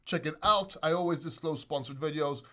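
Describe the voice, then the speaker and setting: A man's voice: fairly high pitch, a little fast, a bit bright. A man hosting a casual crypto livestream, talking loosely, laughing a lot and swearing freely.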